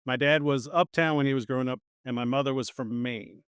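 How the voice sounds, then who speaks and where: A man's voice: mid-range voice, steady tone, brisk, clear, resonant tone, no echo, studio quality. A man hosting a casual interview, easygoing and joking, laughing often. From New Orleans suburbs, USA. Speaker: interviewer, host.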